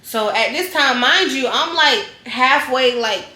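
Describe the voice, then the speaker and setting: Bright, animated woman in an echoey room. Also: high-pitched, a little slow. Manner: animated, slangy, acts out scenes with loud yells. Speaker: vlogger. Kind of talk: casual storytime chat.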